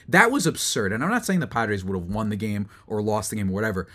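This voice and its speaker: A young man hosting a solo sports recap, rambling and exasperated, building to loud outbursts. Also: lowish voice, very animated, fast talker, hardly any pauses. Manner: rambling with fillers and restarts. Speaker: sports podcast host.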